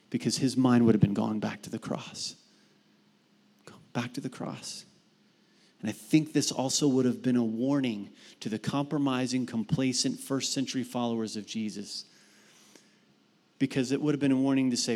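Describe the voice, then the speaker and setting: Animated pastor preaching in a reverberant hall. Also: male voice, mid-range voice, normal speed, long pauses. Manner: animated, rising to emphatic peaks; casual asides with fillers in stories. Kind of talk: sermon. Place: church sanctuary.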